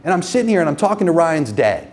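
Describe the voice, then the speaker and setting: A man presenting a live sales-and-marketing seminar to a room of business owners, with a raised, lively pitch that jumps around a lot. He talks bluntly and swears freely, constantly checking in with the crowd. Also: quick pace. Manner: profane, emphatic, asks the audience constant checking questions.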